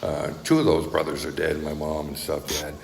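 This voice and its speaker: A man's voice: rumbling low, flat delivery, normal speed, vocal fry. A man speaking at a recovery meeting, telling his story bluntly and conversationally, often checking in with "right?" and "okay?". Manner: conversational storytelling, frequent tag questions, blunt. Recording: echoey hall with faint noise.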